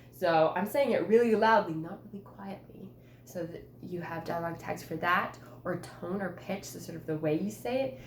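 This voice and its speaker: A woman's voice: fairly low pitch, slight background noise. Encouraging woman teacher in a roomy classroom. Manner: chatty and encouraging, with many fillers. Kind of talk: modeling a writing conference.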